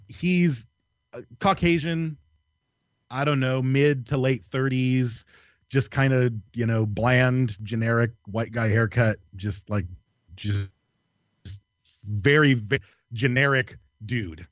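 A man, a podcast guest, telling a long story in casual, animated style, swearing freely and laughing as he goes. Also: mid-range voice, slow, long pauses, dry recording, lo-fi sound. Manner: animated, profane, laughs through his story.

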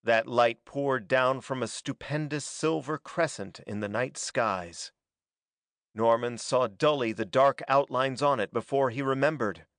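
A man reading a pulp adventure story aloud as a dramatic, steady narrator. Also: mid-range voice, a little slow, no room sound, clean studio sound. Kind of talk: scripted audiobook narration.

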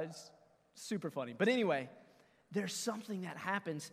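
A man in his thirties, a pastor preaching a conversational, energetic sermon and calling out to his congregation. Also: high voice, normal speed, big-room sound. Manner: energetic, conversational preaching with audience call-outs. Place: church sanctuary.

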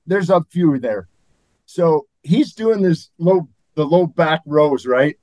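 A man's voice: a little high, lively intonation, takes it slowly, a little mellow, no room sound, rough recording. An older man, a former athlete and guest, telling stories in a rambling, chuckling way. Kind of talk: anecdotal interview storytelling.

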